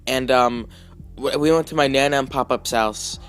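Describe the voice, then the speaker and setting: Male vlogger, casual rambling storyteller, average pitch, soft music bed. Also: moderate pace, clear, resonant tone. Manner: rambling, heavy with fillers and restarts.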